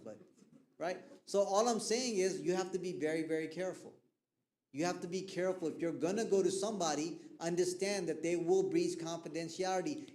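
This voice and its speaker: A man speaking to a youth audience with lots of energy, his voice sitting a little high. He keeps pausing so the crowd can finish his sentences. The hall gives everything a roomy echo. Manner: animated, asks the audience to fill in words. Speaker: guest speaker on mental health. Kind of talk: lively lecture to youth. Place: mosque hall. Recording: echoey hall.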